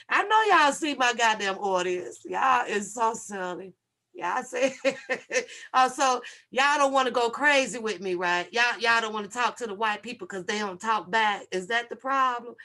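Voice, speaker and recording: Brash, bright-voiced woman livestream host. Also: on the high side, moderate pace. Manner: brash, profane and animated, laughing and talking straight to her chat. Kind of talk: casual livestream chat. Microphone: video call.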